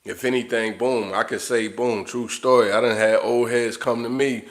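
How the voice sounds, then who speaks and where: A man's voice: medium pitch, fairly even intonation, normal speed. A man talking straight to his viewers in an unscripted livestream monologue, blunt, profane and repeating himself as he rants. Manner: blunt, profane, repetitive ranting. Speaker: livestream host.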